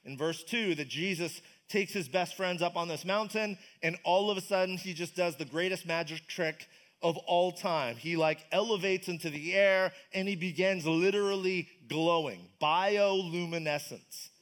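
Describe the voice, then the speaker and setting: Pastor, male, high-pitched; loose conversational preaching, keeps asking the room questions. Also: normal speed, fairly bright tone. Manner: casual, enthusiastic, asks the congregation questions. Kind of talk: conversational sermon. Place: church service.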